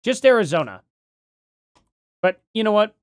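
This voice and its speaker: A middle-aged man chats loosely on a livestream and works things out aloud. His pitch jumps up and down a lot, and he keeps trailing off into ums and false starts. The sound is dry and close, with almost no room echo. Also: big pitch swings, unhurried, clean tone. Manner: rambling, thinks aloud with many ums and restarts. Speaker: livestream host. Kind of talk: casual livestream chat, reading chat aloud.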